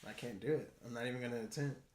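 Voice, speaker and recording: A man's voice: medium pitch, fairly even intonation, racing, darkish tone. A man co-hosting a casual podcast, talking in laid-back slangy banter and swearing freely. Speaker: podcast co-host. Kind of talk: casual chat.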